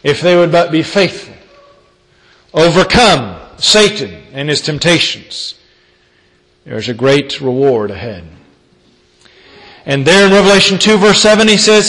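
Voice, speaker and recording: A man preaching a sermon, reading scripture and retelling it with dramatic storytelling and big swings in pitch and loudness. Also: sing-song, measured pace, pauses often. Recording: long hall reverb.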